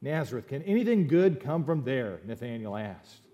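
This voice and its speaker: A man preaching a sermon, conversational and animated, with opinionated asides while reading scripture aloud. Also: mid-range voice, moderate pace, muffled recording, a little hiss or hum. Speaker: pastor.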